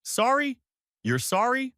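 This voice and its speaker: A woman's voice: big pitch swings, slow pace, a bit bright, no room sound, studio quality, full character voice. A man voicing a young woman screaming at her brother in fury in a spoken story. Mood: screaming rage. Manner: screaming, shrill. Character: young woman, furious shrieking sister.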